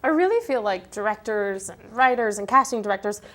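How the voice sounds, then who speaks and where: A woman's voice: medium pitch, lively intonation, fairly quick, a bit bright. A young woman co-hosting a casual entertainment talk show, upbeat and chatty. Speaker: co-host.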